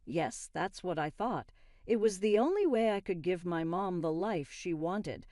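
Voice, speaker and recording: A woman's voice: on the low side, expressive, a little slow, mellow, no room sound, clean studio sound. A woman voicing a greedy, scornful young husband in a plain, blunt read. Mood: cold.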